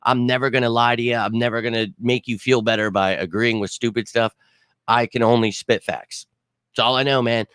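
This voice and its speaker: A fired-up man hosts a live fan show from home, ranting bluntly and swearing as he talks straight to his viewers. His pitch sits in the middle and the sound is dry and close, with no room echo. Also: steady tone, a little fast, clear, resonant tone. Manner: shouts out viewers by name.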